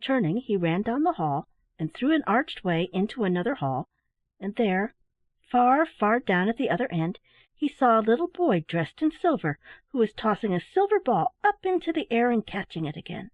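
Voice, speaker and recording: A woman narrating a children's bedtime story in a gentle, expressive reading voice. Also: fairly high pitch, moderate pace, no room sound. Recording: dry, phone-like narrow sound.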